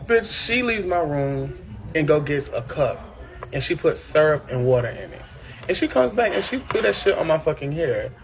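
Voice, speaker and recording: A man telling a personal story in casual chat, animated and profane, with sudden high shrieking impressions. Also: moderate pace, creaky. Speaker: podcast host.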